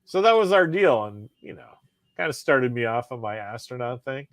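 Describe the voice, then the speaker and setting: Male podcast co-host, lively and swearing, dry close sound, middle pitch. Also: normal speed, no echo. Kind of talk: casual chat.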